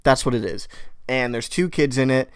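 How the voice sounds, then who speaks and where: A young male podcast co-host tells a story in casual chat, swearing often and animatedly acting out what people said. Using headphones and a mic, he speaks at a medium pitch and normal speed with a smooth voice, in a dry, clean studio recording.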